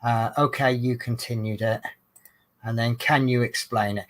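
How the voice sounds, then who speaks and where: A man's voice: medium pitch, fairly even intonation, moderate pace. Male hobby vlogger, rambling casual storyteller, mid-range voice. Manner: rambling, chatty storyteller who restarts and corrects himself. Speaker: coach driver and crafting vlogger. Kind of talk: casual chat while diamond painting.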